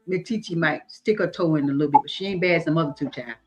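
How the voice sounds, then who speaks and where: A woman's voice: sits low, quick pace, soft background music. A middle-aged woman hosts a casual live-stream chat, talking folksy and calling listeners honey and baby. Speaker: host.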